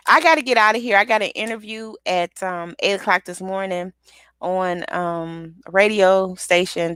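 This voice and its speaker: A woman giving an energetic motivational pep talk, repeating affirmations with rhythmic call-and-response. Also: fairly low pitch, smooth, no echo. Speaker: motivational speaker and author.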